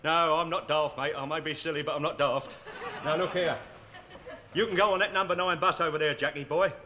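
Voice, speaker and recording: An actor playing a smug bus inspector in a 1970s sitcom, with a gloating, sarcastic way of talking. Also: male voice, fairly high pitch, fairly even intonation, a little fast, noisy background, natural voice. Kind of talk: 1970s studio sitcom acting.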